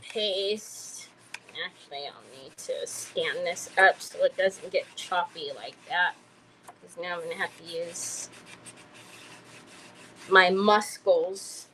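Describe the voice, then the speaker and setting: A woman's voice: on the low side, slow pace, long pauses, sharp tone, a little hiss or hum, rough recording. A woman, chatting casually and rambling through a story while she crafts on a livestream. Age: 50s. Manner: chatty, rambling, addresses viewers as y'all.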